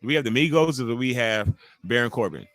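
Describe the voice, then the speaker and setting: A man's voice: medium pitch, animated, quick pace, fairly bright tone, no room sound. A young man hosting a live watch-along stream, joking loosely and talking to chat viewers by name. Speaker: livestream host.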